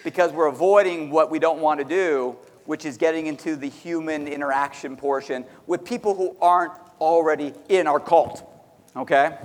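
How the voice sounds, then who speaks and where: A man speaking as a motivational speaker at a sales meeting, talking loudly and excitably to a live audience and acting out what people say. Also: on the high side, normal speed. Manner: loud, excitable, acts out quotes. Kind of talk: energetic live stage talk. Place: large hall before an audience. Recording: long hall reverb.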